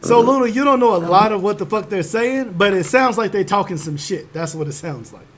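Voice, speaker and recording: A man with a high voice runs a tabletop game, telling the scene in a loose, swearing, lively way. Faint noise sits under his voice. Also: fairly quick. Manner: casual, profane, animated storytelling. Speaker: game master.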